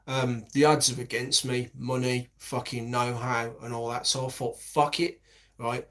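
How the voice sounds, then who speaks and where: A man's voice: medium pitch, monotone, moderate pace, fairly bright tone. A man in his forties, rambling in a casual monologue with heavy swearing and many restarts.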